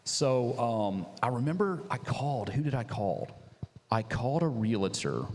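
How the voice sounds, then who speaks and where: A man, a business founder, telling a story in a casual chat, lively and acting out quotes. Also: unhurried, big-room sound. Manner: animated, acts out quotes with big pitch jumps.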